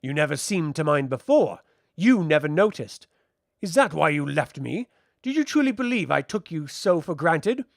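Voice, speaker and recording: A man's voice: fairly high pitch, sing-song, normal speed, gravelly, dry recording, clean studio sound. A man playing a suave, teasing castle commander. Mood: smooth. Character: charming, smooth-talking male castle commander.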